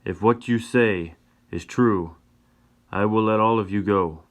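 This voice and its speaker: Male reader as a proud tribal chief, stern and measured, low voice. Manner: commanding, stern.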